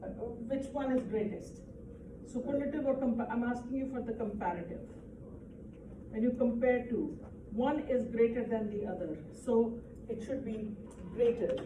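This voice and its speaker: In a slightly high voice at normal speed, a woman walks a class through English grammar, patient and often asking "right?". The recording sounds distant and echoey, with faint background noise.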